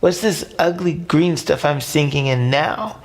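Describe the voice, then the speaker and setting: A man's voice: a little high, unhurried, pitched above the performer's own voice, natural voice. A man doing a small scared fish boy. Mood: pleading. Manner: pleading, whiny. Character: small frightened young male fish.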